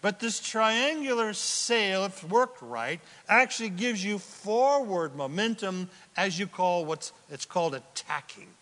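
A man preaching a sermon as pastor, swinging between loud exclamations and hushed asides. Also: high-pitched, expressive, unhurried, hardly any pauses. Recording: long hall reverb.

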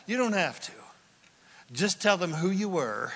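A man preaching a sermon in a lively storytelling way, acting out the people he talks about. His voice sits high and sounds bright and ringing. The room around him is a large hall with a long reverb. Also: a little slow, long pauses. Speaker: pastor.

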